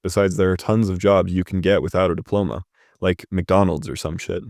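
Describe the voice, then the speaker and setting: Casting: a man voicing a stern, blunt ex-convict, low voice, read straight. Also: fairly even intonation, a little fast, gravelly, a little mellow, no echo, clean studio sound.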